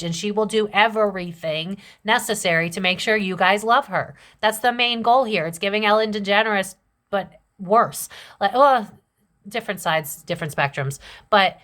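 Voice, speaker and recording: A young tarot reader gives a casual reading to camera, chatty and blunt, using casual slang. Her voice is mid-range and a bit bright.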